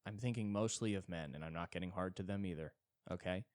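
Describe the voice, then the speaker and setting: A man's voice: fast talker, no room sound, clean studio sound. A man hosting his own podcast alone, telling crude, self-deprecating stories in a rambling comedic monologue. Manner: animated, jumps between high and low tones. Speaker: solo podcast host. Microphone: podcast mic.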